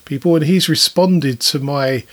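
A man's voice: a little high, a little slow, fairly bright tone. A man co-hosting a podcast, telling listener stories in a chatty way with frequent chuckles. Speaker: podcast co-host. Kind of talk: casual podcast chat.

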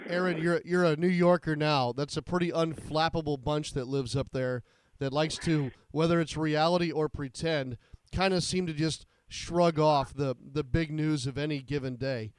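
A man's voice: on the high side, steady tone, moderate pace, slight background noise. A man hosting a radio sports talk show, bantering easily with his guests. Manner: easygoing, friendly banter.

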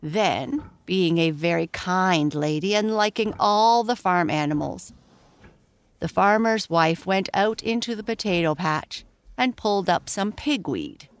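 A woman from Canada reads a children's story aloud at a slow, careful pace. Her voice sits a little low. She adds gentle asides that explain things to young listeners. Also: clean tone.

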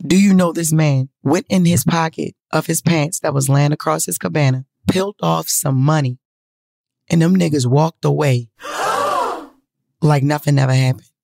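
Woman spilling a crazy story, super gravelly fry, cusses a lot, talks right to y'all. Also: low-pitched, normal speed, no room sound. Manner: profane, animated storytelling addressing viewers. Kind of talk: casual storytime.

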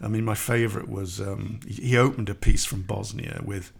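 A man's voice: lowish voice, fairly even intonation, normal speed, gravelly, breathy edge. A middle-aged man co-hosting a podcast in a rambling, self-deprecating chat, laughing often. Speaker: podcast co-host. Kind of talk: casual chat.

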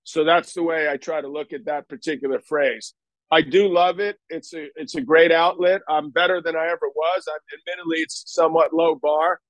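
A man's voice: on the high side, fairly even intonation, moderate pace, no room sound, low-quality recording. An older man telling stories in a casual interview, rambling and self-deprecating with many restarts. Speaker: guest.

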